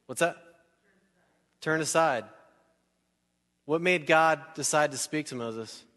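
In a church hall with long reverb, a male pastor preaches slowly in a slightly high voice. His sermon is conversational and animated, full of questions to the crowd and little acted-out scenes.

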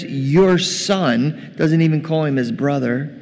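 A man's voice: on the high side, takes it slowly, gravelly, hardly any pauses, darkish tone. A man preaching a sermon in a church, in a conversational way, talking directly to his congregation. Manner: conversational, addresses the congregation as gang. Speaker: pastor. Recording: long reverb, faint noise.

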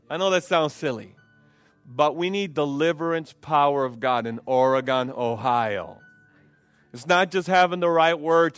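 A man's voice: a little high, fairly bright tone, smooth, no room sound. A man preaching a sermon and leading prayer at a church service, with fervent delivery, repeated phrases and frequent fillers. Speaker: pastor.

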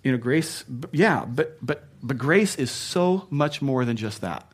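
A man delivering a sermon in an easy, conversational manner. He chuckles at his own side remarks and moves between punchy, louder emphasis and soft, hushed passages. His voice sits in an ordinary middle pitch for a man. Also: lively intonation, unhurried, breathy edge. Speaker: pastor.

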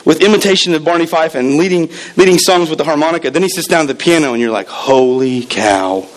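A man's voice: fairly high pitch, racing, rough recording. A man preaching a sermon in a church, telling stories and acting out the people in them. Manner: animated storytelling with acted quotes.

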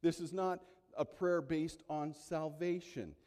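A man preaching a sermon, moving between soft asides and loud, emphatic peaks. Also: fairly high pitch, steady tone, slow. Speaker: pastor. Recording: long hall reverb.

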